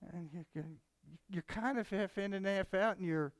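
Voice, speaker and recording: A man's voice: sits high, normal speed, dry recording. A man co-hosting a casual Bible discussion, talking in a rambling, conversational way with many asides and frequent chuckles. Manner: chuckles often, mimics others animatedly. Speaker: Bible study co-host.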